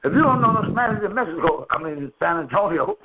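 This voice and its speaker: This man talks a little fast in a high voice with big swings in pitch. He's hosting a relaxed call-in chat by phone from a friend's house, full of profane, rambling stories and frequent laughter, and the line sounds tinny with a bit of faint noise.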